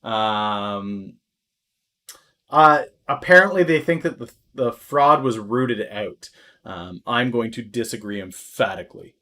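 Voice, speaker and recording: A man's voice: mid-range voice, slow pace. Chatty man streaming market commentary. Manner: chatty, thinking aloud with many fillers; swings into loud exaggerated alarm.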